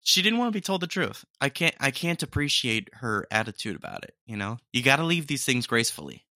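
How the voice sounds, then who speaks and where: Female podcast host, playful reactor, bright and dry close sound. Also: rumbling low, big pitch swings, brisk, no echo. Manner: playful, reacting with laughs and "dude". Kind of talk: casual commentary on clips.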